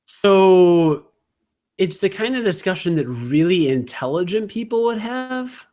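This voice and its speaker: A man chats casually as a podcast co-host. His voice sits a little high, and he rambles and mocks himself, trailing off into fillers. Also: animated, a little slow, darkish tone. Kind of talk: casual chat.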